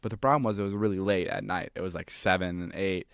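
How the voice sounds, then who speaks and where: A young man with a fairly low voice spins a rambling story on a podcast, doubling back on his words and dropping curses. The sound is close and dry, with no room around it. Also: steady tone, quick pace, vocal fry, a bit bright, clean tone, no room sound. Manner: rambling, repeats words, swears freely. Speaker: podcast co-host. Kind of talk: casual storytelling chat.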